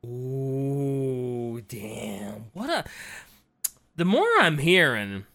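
Bright, wildly expressive podcast co-host. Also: medium pitch, unhurried. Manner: reactive, exclaims and slangy. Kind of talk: casual chat.

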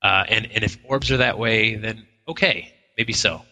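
Male co-host, very bright tone, chatty storyteller, long hall echo. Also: fairly low pitch, moderate pace. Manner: storytelling with acted-out quotes and frequent restarts. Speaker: co-host of a live paranormal radio show. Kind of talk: casual on-air chat. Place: inn function room at a live broadcast.

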